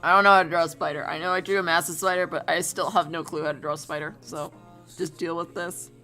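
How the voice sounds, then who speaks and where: A woman's voice: fairly low pitch, fairly even intonation, fast, bright, forceful tone, faint music behind. A young woman chatting casually while she draws on stream, rambling, giggling and swearing offhand. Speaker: streamer drawing a storyboard. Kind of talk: casual chat while drawing.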